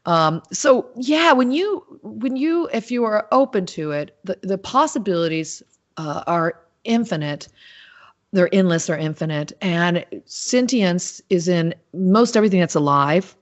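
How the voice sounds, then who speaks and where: A woman's voice: lowish voice, expressive, measured pace. A woman guest on an interview show, telling stories animatedly with frequent restarts and fillers. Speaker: podcast guest, animal communicator. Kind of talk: casual interview talk. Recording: dull lo-fi sound.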